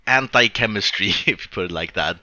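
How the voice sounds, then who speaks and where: A man co-hosting a casual film review podcast, thoughtful and halting as he talks. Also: lowish voice, sharp tone, dull audio. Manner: thoughtful, halting, restarts often. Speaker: podcast co-host.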